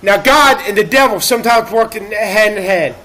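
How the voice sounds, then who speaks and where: A man with a very high, sharp voice rants through a livestream, profane and erratic and full of self-pity. He breaks into shouts now and then. He is recording in a laundromat. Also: normal speed. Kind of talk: ranting livestream monologue.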